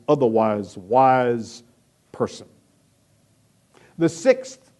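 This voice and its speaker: A male pastor preaching a sermon, emphatic and deliberate, drawing out key phrases. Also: on the high side. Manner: emphatic preaching with varied, lively delivery.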